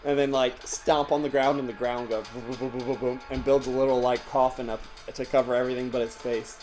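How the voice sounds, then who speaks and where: A man narrating as game master, animated and laughing often, with faint music behind. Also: medium pitch, quick pace. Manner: animated, laughs often, acts out villains in yelps.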